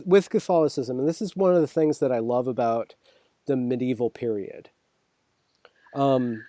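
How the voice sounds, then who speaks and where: Mellow-voiced man talking ideas through. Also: fairly high pitch, dry recording, clean studio sound. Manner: thoughtful, many restarts and "right?" checks. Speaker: host. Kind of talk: casual conversation.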